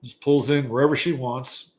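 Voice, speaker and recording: A man in his sixties, an astrology show host, telling a casual story in an animated, profane, conversational way. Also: medium pitch, normal speed. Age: 60s. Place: Texas.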